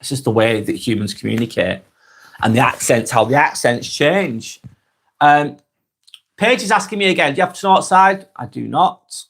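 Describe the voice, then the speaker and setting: A man's voice: medium pitch, animated, normal speed, fairly bright tone, husky. A man with a Lancashire accent, hosting a casual live stream and reading viewer comments aloud in a chatty, friendly way. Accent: Lancashire (Blackburn, Darwin). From northwest England. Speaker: live vlog host.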